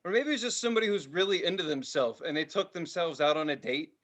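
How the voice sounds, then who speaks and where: A man in his thirties, hosting a casual podcast and telling a story with loud voices and plenty of swearing. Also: fairly high pitch, fast talker. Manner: animated, profane, does loud voices in his stories. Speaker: podcast host.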